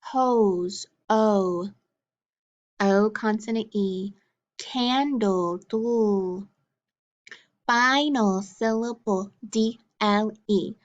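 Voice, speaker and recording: A woman teaching a phonics lesson, drilling letters and sounds slowly and deliberately, one at a time. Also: medium pitch. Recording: dull lo-fi recording.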